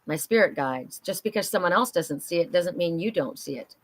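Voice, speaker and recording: A woman's voice: fairly low pitch, expressive, fairly quick. A middle-aged woman hosting a live oracle card reading, chatty and upbeat as she talks to viewers. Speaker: oracle card reader and psychic host.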